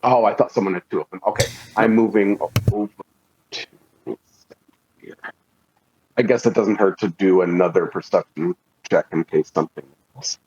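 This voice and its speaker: A man's voice: deep voice, steady tone, normal speed, long pauses, darkish tone, breathy edge, lo-fi sound. A man playing a tabletop game on a voice call, hesitant and checking details. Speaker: player. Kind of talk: casual tabletop chat.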